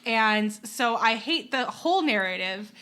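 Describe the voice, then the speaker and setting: A woman in her thirties co-hosting a casual podcast, talking in animated, exasperated rants and laughing often, with a baby in her arms. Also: on the high side, unhurried. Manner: holding a teething baby while talking. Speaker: podcast co-host.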